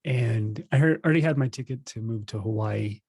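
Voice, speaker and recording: Man in his thirties, mellow storyteller. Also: medium pitch, fairly quick, husky, dry recording. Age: 30s. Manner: relaxed storytelling, laughs at himself. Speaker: podcast guest, meditation teacher. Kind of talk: casual interview chat.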